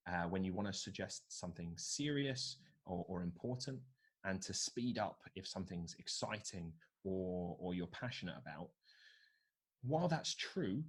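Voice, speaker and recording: Man, deep voice, husky, presentation skills trainer, live online workshop, video call mic. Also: animated, normal speed. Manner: coaching, reads out participant answers.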